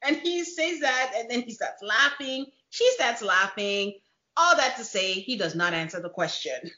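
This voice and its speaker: A woman hosting a casual recap chat, animated and laughing often as she retells scenes. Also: mid-range voice, moderate pace. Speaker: podcast host. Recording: dull lo-fi echoey room.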